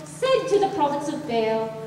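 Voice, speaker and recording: A woman's voice: sits high, big pitch swings, normal speed, slight background noise. A woman narrating a comic church reenactment in a dry storybook manner, with wry asides. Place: large church hall with audience. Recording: echoey hall, far from mic, loud crowd.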